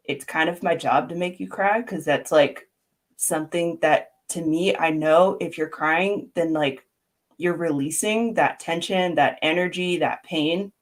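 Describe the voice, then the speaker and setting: A woman therapist chatting as an interview guest, her voice sitting a little low. She talks freely and laughs often, with plenty of "like" and "you know" between her thoughts. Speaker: guest, art therapy counselor. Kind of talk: casual interview chat.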